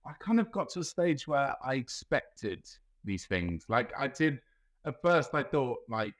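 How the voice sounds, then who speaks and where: A man's voice: mid-range voice, expressive, unhurried, fairly bright tone. A man from England, a nurse guest on a podcast, talking hesitantly and often repeating his words. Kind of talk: casual podcast chat.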